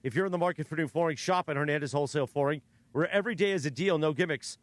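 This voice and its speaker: A man producing a sports radio show, rattling off sponsor reads and schedule. He speaks quickly and matter-of-factly, a touch above middle pitch. The sound is close and dry. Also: no echo.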